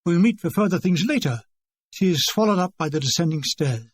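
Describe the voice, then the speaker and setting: A man's voice: on the high side, expressive, brisk, dry recording. An older English man reading his own war memoir in a dry, wry, conversational way. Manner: dry, wry and conversational, acting out remembered dialogue.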